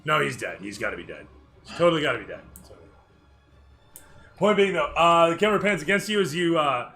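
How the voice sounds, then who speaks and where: A man's voice: on the high side, sing-song, brisk, pushed and bright, soft background music. A man narrating a tabletop game as dungeon master, with loose, rambling descriptions that he corrects as he goes. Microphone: streaming microphone.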